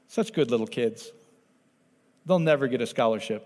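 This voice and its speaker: A male pastor giving a conversational sermon, lively and animated, who keeps checking in with his congregation. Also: mid-range voice, moderate pace, big-room sound.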